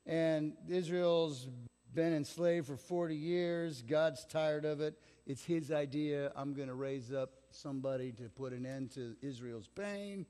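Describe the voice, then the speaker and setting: Preaching in a church sanctuary where the reverb lingers, a middle-aged pastor speaks in a mellow voice on the high side, never hurrying. He tells stories in a relaxed, conversational way, playing out the people he quotes.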